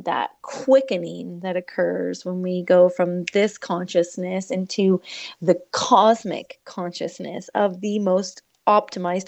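A woman explaining her views in conversation, in an unhurried, reflective way with frequent pauses. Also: fairly low pitch, creaky, darkish tone, dry recording.

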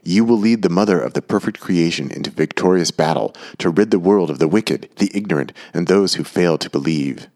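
Brief: fanatical woman artist, preaching conviction, audiobook reading by a very deep-voiced man. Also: lively intonation, moderate pace, full character voice. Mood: fervent.

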